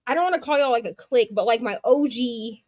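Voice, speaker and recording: High, chatty woman host. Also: darkish tone, no echo. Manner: chatty storyteller, quick asides, laughs often. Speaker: host of a long reading and craft sprint stream. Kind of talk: casual chat.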